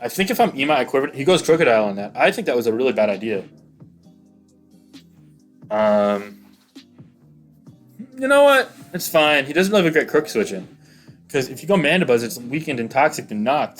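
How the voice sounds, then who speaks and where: A man giving casual play-by-play commentary on an online battle, chatty and excitable, rambling with lots of fillers. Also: mid-range voice, fast talker, soft background music.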